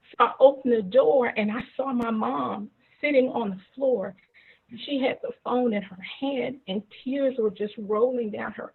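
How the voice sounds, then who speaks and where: A woman storyteller tells a personal story at a slow, dramatic pace over a video call. Her voice is husky and fairly high, and the audio is thin and tinny like a phone line.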